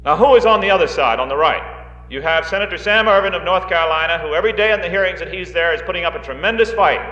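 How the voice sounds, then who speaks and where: A guest speaker at a political rally addresses the audience in a large hall, talking fast in a high voice with a sharp tone. His live speech is folksy, peppered with joking asides and frequent hesitant fillers, captured on a roomy, dull 1960s reel recording of the hall.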